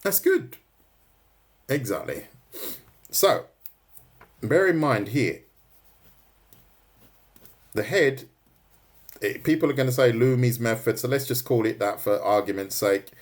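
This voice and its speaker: A man's voice: mid-range voice, slow pace, long pauses. A man giving a casual, joking drawing lesson on a livestream, teasing his viewers. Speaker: art teacher.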